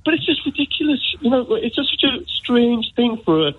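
A man's voice: very high voice, big pitch swings, brisk, husky. A man from Newcastle with a Geordie accent, calling in to a radio show and telling a heartfelt story in a rambling way, full of "you know". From Newcastle, England. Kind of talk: emotional phone-in storytelling. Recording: tinny phone line on radio.

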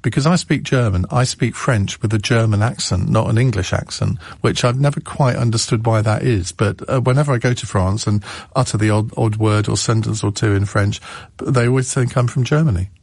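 A man's voice: lowish voice, a little fast, gravelly, a little mellow, no echo, studio quality. A man hosting a radio phone-in, chatting casually with callers and stumbling over his words with frequent restarts and fillers. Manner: hesitant, many restarts and fillers. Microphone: studio microphone.

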